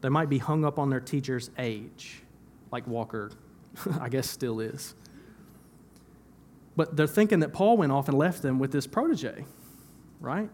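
A man's voice: medium pitch, measured pace, pauses often, darkish tone, a little hiss or hum. A young man preaching a sermon in church, talking conversationally, repeating phrases for emphasis and laughing at himself now and then. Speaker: pastor.

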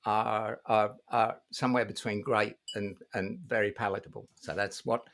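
A woman speaking in a put-on deep Cockney-sounding voice, chatting casually with hesitant repeats. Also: steady tone, moderate pace, a little hiss or hum. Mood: bluff chatty. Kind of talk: casual podcast chat.

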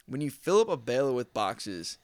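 A young man co-hosting a podcast, telling a work story casually and excitably, swearing a lot. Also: medium pitch, moderate pace, clean tone, no room sound. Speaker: podcast co-host.

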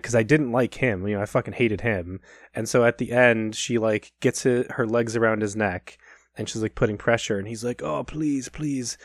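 A man's voice: medium pitch, no room sound. A man co-hosting a casual podcast, rambling and joking with swearing about movies. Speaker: podcast co-host.

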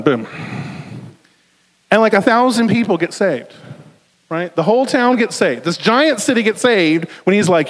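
Male preacher, high voice, conversational and animated delivery, church hall reverb. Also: moderate pace, long pauses. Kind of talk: sermon.

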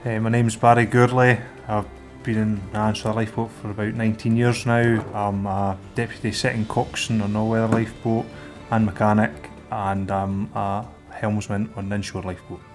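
A middle-aged Scottish man, a lifeboat volunteer, recounting a rescue in a plain-spoken, halting way. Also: on the low side, music in the background. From Scotland. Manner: plain-spoken, hesitant with fillers, animated when acting out scenes.

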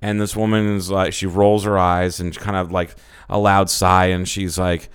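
A man's voice: low-pitched, little pitch movement, moderate pace, smooth. A man co-hosting a podcast, casually telling a dating story, acting out quoted lines and laughing often. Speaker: podcast co-host.

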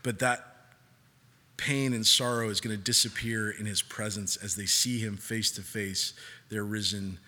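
A man preaching a sermon with animated delivery, joking and acting out quoted voices. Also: lowish voice, a little slow. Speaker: pastor. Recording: long hall reverb.

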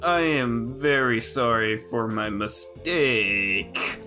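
Man doing a stammering French waiter, slow. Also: mid-range voice, lively intonation, bright, forceful tone, soft background music, heavily acted. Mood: meek. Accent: French (put on). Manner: stammering, apologetic. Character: meek young male French waiter.

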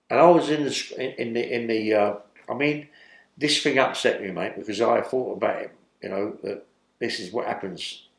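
A man's voice: fairly low pitch, vocal fry, roomy sound. An older man from London with a London accent, telling a rambling prison story in an interview and checking in with "yeah?". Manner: rambling, keeps adding "yeah?". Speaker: interviewee, former criminal.

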